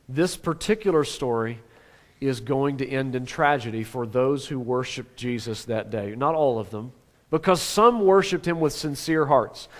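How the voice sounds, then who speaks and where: A man preaching a sermon as pastor, animated, swinging between loud exclamations and hushed asides. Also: mid-range voice. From Oklahoma. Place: church sanctuary.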